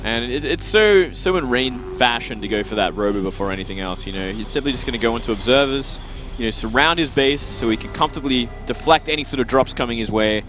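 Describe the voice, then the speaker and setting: A man's voice: medium pitch, fast, music in the background. A man from Australia with a mild Australian accent, giving easygoing color commentary on a live esports match. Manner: easygoing, playful banter. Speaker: esports co-caster.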